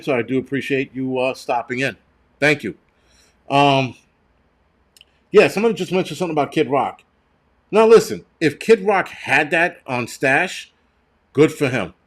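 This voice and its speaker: A man hosting a live stream, ranting angrily and bluntly, swearing constantly and stumbling over restarts and repeated words. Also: mid-range voice. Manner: angry, profane and blunt. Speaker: livestream host.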